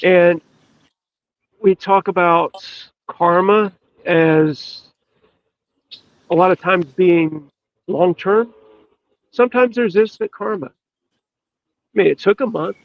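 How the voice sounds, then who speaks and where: High-voiced man telling a story earnestly. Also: vocal fry, no echo. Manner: earnest, emphatic, with drawn-out pauses. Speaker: podcast guest. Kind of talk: storytelling in casual chat. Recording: dull, lo-fi dry sound.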